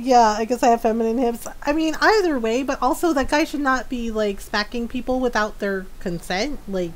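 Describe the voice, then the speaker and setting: A woman's voice: a little high, animated, normal speed. A woman streamer telling stories in casual chat, laughing often, with a youthful-sounding voice. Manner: chatty storytelling, laughs often; youthful-sounding voice, often mistaken for a child on the phone. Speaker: game streamer. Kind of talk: casual chat during a live game stream.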